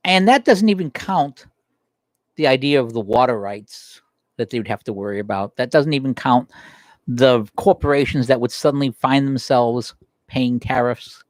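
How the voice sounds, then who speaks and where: A man hosting a political livestream, delivering a heated, emphatic monologue that climbs in pitch as he gets worked up. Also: normal speed, no echo, studio quality. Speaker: political talk show host. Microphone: livestream desk microphone.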